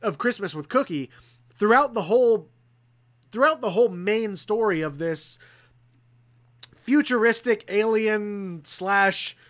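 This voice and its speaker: A man's voice: sits high, a bit bright. A man co-hosting a casual livestream chat, rambling and laughing through profane movie banter. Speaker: podcast co-host.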